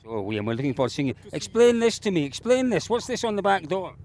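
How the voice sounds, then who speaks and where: A man with a fairly high, lively voice that swings up and down as he chats. He is jovial and effusive, teasing the people he interviews. He is recorded outdoors at a rainy rally stage. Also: fast talker, slight background noise. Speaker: host, interviewer.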